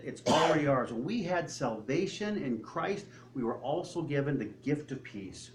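Older male pastor, slightly raised pitch, conversational sermon delivery that acts out dialogue, faint ambient noise. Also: lively intonation, moderate pace, hardly any pauses.

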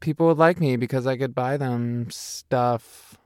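A man's voice: mid-range voice, measured pace, a little mellow, clear, resonant tone, no room sound, studio quality, lightly acted. A man narrating an audiobook voices a cheerful, rambling young man who talks about himself without a filter. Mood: earnest. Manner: rambling, chatty, self-deprecating.

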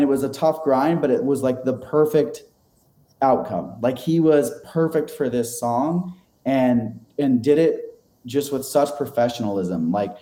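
A man's voice: mid-range voice, mellow, roomy sound. A man telling a long story as an interview guest, rambling and self-deprecating, with many fillers and small laughs. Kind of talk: casual storytelling.

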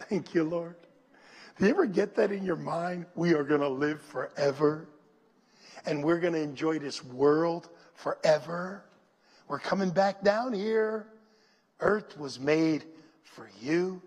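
Husky-voiced pastor preaching in a hall. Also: male voice, a little high, slow, pauses often. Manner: preaching with call-and-response, growing hushed and whispery toward prayer. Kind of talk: sermon. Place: church. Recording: long hall reverb.

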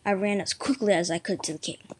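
A woman's voice: medium pitch, quick pace, background noise. A woman reading a story aloud, lifting her voice for the quoted lines. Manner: lively read-aloud delivery, raising voice for quoted lines.

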